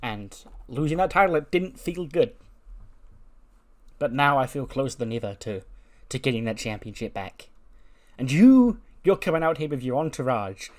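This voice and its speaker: A man's voice: mid-range voice, sing-song, moderate pace, darkish tone, lightly acted. A man voicing a defiant woman wrestler. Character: female wrestler, determined challenger, confrontational.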